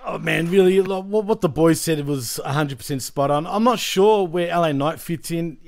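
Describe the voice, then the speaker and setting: Man, higher voice, easygoing, a bit unsure, casual chat. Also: moderate pace, gravelly. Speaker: panelist.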